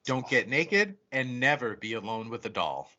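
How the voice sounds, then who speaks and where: A man co-hosting a podcast in casual chat, excitedly retelling a movie plot with lots of swearing and acted-out quotes. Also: mid-range voice, moderate pace, lo-fi sound. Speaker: podcast co-host reviewing a horror movie.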